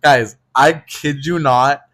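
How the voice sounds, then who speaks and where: A man's voice: medium pitch, fairly even intonation, slow pace, fairly bright tone. A young man co-hosting a podcast who jumps in to tease his friend and exaggerates the story for laughs. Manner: teasing, interjecting, exaggerating for laughs. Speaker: podcast co-host. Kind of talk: casual chat.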